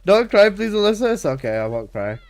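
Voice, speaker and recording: A man with a notably high voice runs a live game stream, chatting in loose, excitable banter. He teases and swears freely, repeating himself while riffing on in-game trades. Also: a little fast, noisy background. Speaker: gaming streamer.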